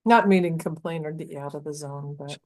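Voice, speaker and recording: A woman's voice: low voice, quick pace, darkish tone. A woman on a group video call from her laptop, talking hesitantly and trailing off. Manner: hesitant, trails off, lots of fillers. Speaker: participant. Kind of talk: casual chat on a video call.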